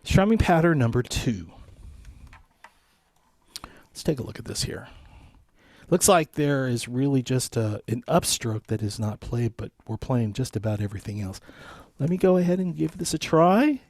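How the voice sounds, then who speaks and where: A man's voice: mid-range voice, animated, normal speed, long pauses, darkish tone, no echo. A man leading a live guitar lesson, counting beats aloud and coaching his students in a friendly way. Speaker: guitar instructor.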